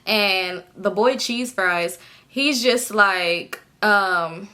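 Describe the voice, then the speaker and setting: A woman in her twenties telling a story casually to camera, animated and swearing freely, jumping up in pitch when she acts out other people. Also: drawn-out words. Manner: swears freely, talks straight to viewers. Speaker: storytime vlogger.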